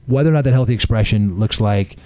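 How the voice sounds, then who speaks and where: Earnest male therapist with a dark, dry voice. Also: on the low side, quick pace, no room sound. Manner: earnest, pragmatic, uses acted-out examples. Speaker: marriage and family therapist guest. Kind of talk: conversational advice on a radio talk show.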